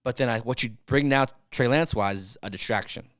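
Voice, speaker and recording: A man co-hosting a sports podcast, chatting casually with quick, jokey bursts. His voice sits at a middling pitch. It is recorded dry, with almost no room sound. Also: a bit bright, dry recording. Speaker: podcast co-host.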